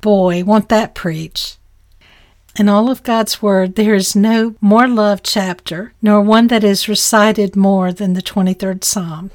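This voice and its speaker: An earnest woman leading a devotional Bible teaching at a steady, mid-range pitch. She talks in plain terms and drops in folksy asides between points. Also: slow pace.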